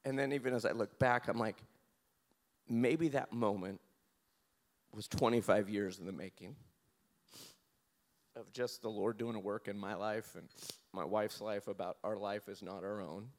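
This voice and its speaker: A man as an interview guest, telling a personal story in an animated way, laughing and acting out his own lines. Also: on the low side, a little slow, pauses often.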